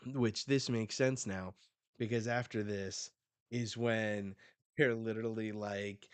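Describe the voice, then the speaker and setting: A man reacting on a live stream as he reads a manga, talking casually and excitedly into a close desk mic. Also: on the low side, unhurried, no echo.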